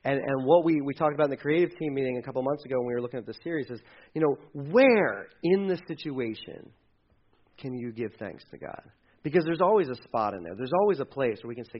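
A man preaching a sermon as pastor, animated, acting out quoted voices and swinging between loud and hushed. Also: mid-range voice, brisk, highs cut off.

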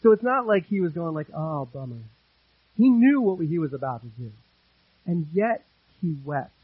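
A male pastor with a high, husky voice delivers an earnest sermon, hammering home repeated phrases and dropping from loud to hushed. The sound is dry and a bit muffled, with little room around it. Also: lively intonation, moderate pace, dry recording.

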